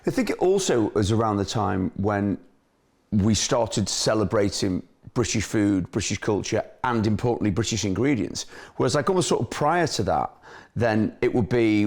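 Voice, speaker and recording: A man's voice: fairly low pitch, lively intonation, darkish tone. Easygoing male podcast host. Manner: brief agreeing responses, quick asides. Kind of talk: casual podcast interview.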